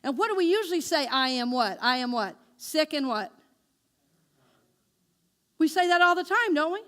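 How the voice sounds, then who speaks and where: A woman minister delivering a sermon, asking her congregation questions and speaking affirmations slowly and deliberately. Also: high voice, expressive, a bit bright. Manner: engaging the congregation with call-and-response questions; slow, deliberate spoken affirmations.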